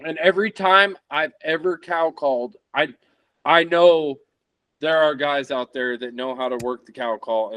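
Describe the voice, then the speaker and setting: Man in his 30s, mid-pitched voice, casual podcast chat, searching for words, close dry mic. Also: a bit bright, no echo. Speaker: podcast guest, elk hunter.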